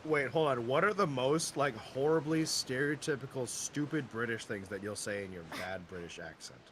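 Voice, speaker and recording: A man chatting casually as a guest on a game stream, relaxed and joking. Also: medium pitch, normal speed, noisy background. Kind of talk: casual chat while gaming.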